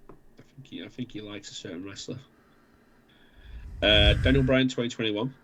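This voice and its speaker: A man's voice: fairly low pitch, moderate pace, fairly bright tone, slight background noise. A man with a sore throat co-hosting a casual wrestling podcast, teasing and laughing with his mates. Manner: laughing, teasing, says "mate". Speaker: podcast co-host. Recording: dull lo-fi sound.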